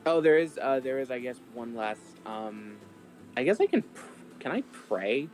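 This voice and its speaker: A man's voice: mid-range voice, lively intonation, normal speed, a little mellow, a little hiss or hum. A man playing in a tabletop game, chatting casually and rambling with lots of fillers. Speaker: player.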